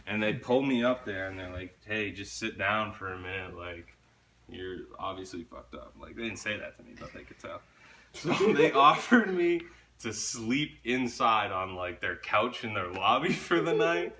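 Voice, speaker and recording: A man's voice: on the low side, animated, normal speed, pushed and bright, slight background noise. A young man telling a story in casual chat, laid-back, swearing often and laughing along.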